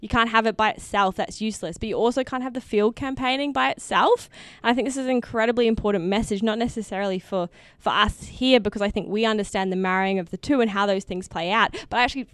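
A woman talks quickly and forcefully, with a smooth, resonant voice. She swears freely as she makes her points in casual podcast chat. The sound is dry and close. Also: mid-range voice, dry recording. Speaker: podcast co-host.

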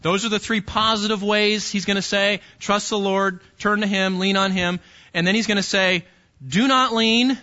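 In a muffled recording, a man preaches to his congregation, speaking to them directly with emphasis. His voice sits high with a sharp tone and little pitch movement, at a moderate pace, and he often repeats words and restarts.

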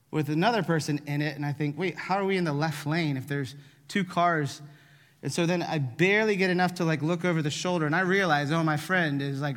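A man preaching a sermon, telling a personal story in an animated, self-deprecating way. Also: high voice, long reverb tail. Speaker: pastor.

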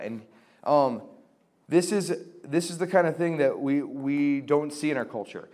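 Here a young Christian formation teacher speaks in a fairly high, darkish-toned voice at an unhurried pace. He gives a relaxed, chatty teaching talk to a group on reconciling relationships, full of fillers and acted-out quoted dialogue.

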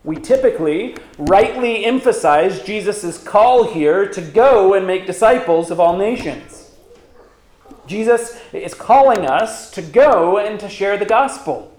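Man preaching, high voice, unhurried, emphatic, rhetorical questions, echoey room. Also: animated, a little mellow. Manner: emphatic, rhetorical questions, reads scripture aloud. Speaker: pastor. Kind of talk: sermon.

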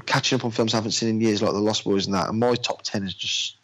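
On poor audio, a man with a lowish, steady, fairly bright voice talks casually about movies he's watched. He's an adult with a daughter whose chatty, loose style includes "mate" and anecdotes acted out in quick voices.

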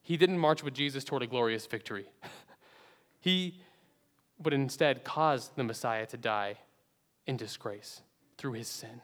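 A man preaching a sermon earnestly, swinging between loud emphatic phrases and hushed low endings. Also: a little slow, long pauses. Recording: long hall reverb.

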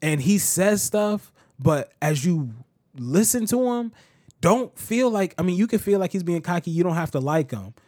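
A man's voice: high voice, normal speed, no room sound, studio quality. A man hosting a podcast, telling a story in casual chat and acting out the quotes. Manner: animated storytelling, acts out quotes. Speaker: podcast host.

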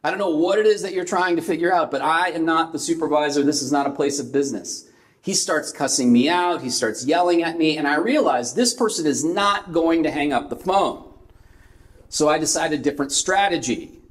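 In a sermon, a middle-aged pastor from California recounts a personal story, acting out each voice in it. He speaks briskly, his voice on the high side.

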